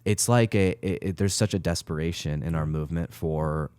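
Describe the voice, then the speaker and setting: A man co-hosting a church podcast, telling stories in casual chat with an emphatic, animated manner. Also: sits low, normal speed, smooth, no echo.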